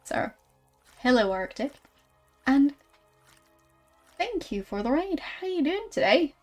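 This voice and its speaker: A young woman streaming a game, chatting in a relaxed way and greeting viewers. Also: high voice, takes it slowly, soft background music.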